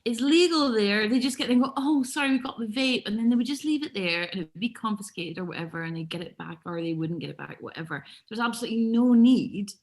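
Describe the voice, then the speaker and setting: A woman's voice: medium pitch, quick pace, few pauses. A woman comedian guesting on a podcast, giving blunt, emphatic opinions in casual chat.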